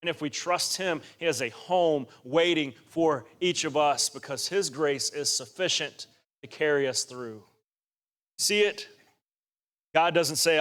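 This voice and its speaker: Man, high-pitched, preaching a sermon, earnest, emphatic. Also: measured pace, a bit bright. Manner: earnest, rising to emphatic exhortation.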